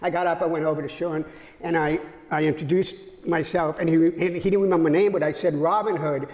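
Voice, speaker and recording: A man's voice: on the high side, flat delivery, fast talker, darkish tone. An American man telling rambling anecdotes in a casual interview, stammering through restarts. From United States. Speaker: guest comedian. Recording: echoey hall.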